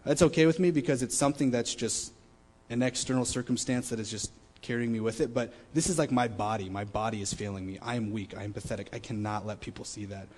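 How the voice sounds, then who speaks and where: A young man sharing a personal testimony at a student meeting, candid and emotional, often dropping to a quiet low voice. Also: fast. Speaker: student speaker. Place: large meeting room. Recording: long reverb of a meeting hall.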